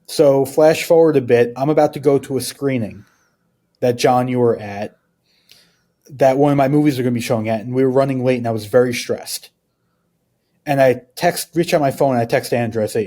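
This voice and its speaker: Man, podcast guest, mellow tone, rambling storytelling, casual chat. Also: mid-range voice, a little fast. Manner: rambling, uses many fillers.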